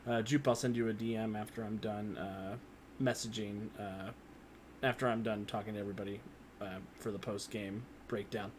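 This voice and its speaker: A man's voice: on the low side, steady tone, moderate pace, a little hiss or hum. A man hosting, thanking everyone and closing the show in a casual, joking sign-off.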